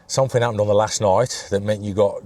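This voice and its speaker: A man's voice: on the low side, steady tone, fast, darkish tone. A middle-aged man, hosting a casual interview in an easygoing way, often agreeing along. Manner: easygoing, lots of agreeing "yeah". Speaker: host interviewer.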